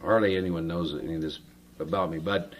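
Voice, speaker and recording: A man speaking earnestly to a recovery group about his own spiritual experience, pausing often with fillers. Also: deep voice, steady tone, a little hiss or hum. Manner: earnest, halting with frequent fillers. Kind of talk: personal testimony to a group.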